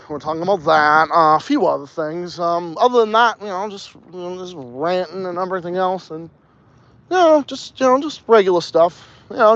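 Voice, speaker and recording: A man's voice: high voice, a bit bright, dry recording, dull audio. A man with a New England accent hosting a casual podcast outdoors, rambling and swearing as he laughs through his chat. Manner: profane, rambling, laughs often. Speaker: podcast host. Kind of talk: casual ranting livestream chat.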